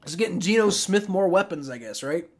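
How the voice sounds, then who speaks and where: A man's voice: sits high, lively intonation, brisk. A young man casually reacting on a live stream, rambling with many restarts and frequent swearing. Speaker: streamer reacting to a sports draft.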